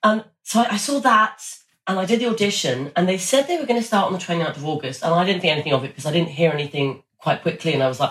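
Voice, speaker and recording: A young woman, an actress, chatting in an interview in an animated way, with quick restarts and acted-out quotes. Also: lowish voice. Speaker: actress guest. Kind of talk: casual interview chat. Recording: echoey room.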